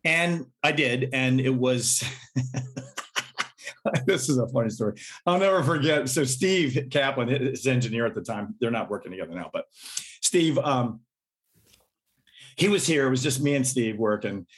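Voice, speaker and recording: Animated middle-aged man telling stories. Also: medium pitch, unhurried, pauses often. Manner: animated storyteller, laughs and acts out quotes. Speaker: musician guest. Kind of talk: casual interview storytelling.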